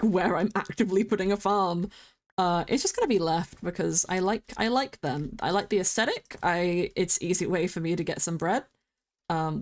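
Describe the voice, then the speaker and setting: A woman with a fairly low voice streams a game with casual commentary. She's chatty and gets excited easily, squealing at the animals she comes across.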